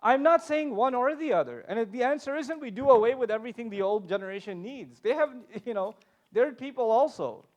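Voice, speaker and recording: Speaking on a panel, a man with a fairly high voice talks passionately and fairly quickly. He's animated and emphatic, tossing in joking asides, though the recording is muffled.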